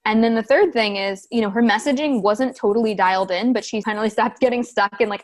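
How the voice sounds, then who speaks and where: A woman's voice: mid-range voice, fast talker. A woman in her thirties, a business coach, talking casually as a podcast guest and acting out the voices of the people she quotes. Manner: animated storytelling, acts out quoted voices.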